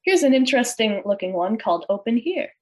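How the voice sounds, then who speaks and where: A woman voicing a kind, lonely male monster who speaks softly and stammers when afraid. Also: on the high side, big pitch swings, brisk. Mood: hopeful. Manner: soft, whimpering, stammering.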